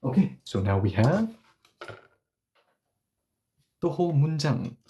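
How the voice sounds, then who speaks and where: Mellow-voiced man teaching grammar live. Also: medium pitch, big pitch swings, fast talker, highs cut off, a little hiss or hum. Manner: explains step by step, often apologizes and self-corrects. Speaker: Korean language teacher. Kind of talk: live-streamed language lesson.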